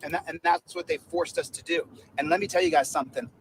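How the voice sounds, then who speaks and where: A man's voice: on the high side, steady tone, fast talker, a little hiss or hum, low-quality recording. Stumbling, exhorting man in a played clip. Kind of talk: rallying monologue.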